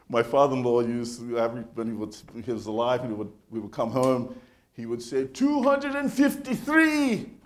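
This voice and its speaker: A male pastor preaching a sermon in a conversational, animated storytelling manner, often restarting his phrases. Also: mid-range voice, unhurried.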